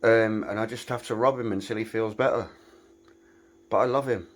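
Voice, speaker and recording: A British man with a fairly low voice talks casually, filming a tour of his small garage workshop. His delivery is chatty and self-mocking, with dry humor. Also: fairly even intonation, moderate pace. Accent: British English. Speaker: woodworking maker giving a shop tour. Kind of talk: casual vlog walkthrough.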